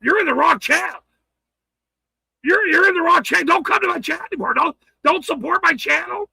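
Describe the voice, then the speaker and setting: An angry man ranting on his livestream, swearing hard, stammering and shouting. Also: very high voice, animated, moderate pace, gravelly, no room sound, low-quality recording. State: furious.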